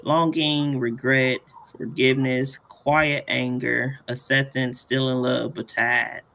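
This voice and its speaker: Casual tutorial host, male, mid-pitched with a rough fry, playful and chatty. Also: flat delivery, slow, bright, forceful tone. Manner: playful, laughs often, chatty asides. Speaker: workshop host.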